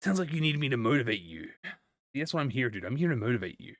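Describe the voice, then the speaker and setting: A man's voice: mid-range voice, sing-song, fast, no room sound, studio quality. A man livestreaming, chatting casually with viewers and reading a story aloud, stuttering and restarting often. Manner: encouraging, talks to chat with slang.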